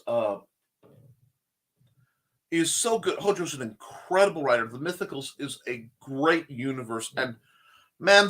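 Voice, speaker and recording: A man's voice: medium pitch, sharp tone. A man hosting a casual livestream talk show, chatting in a rambling, enthusiastic way as he answers viewer comments. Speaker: host of a creative talk show.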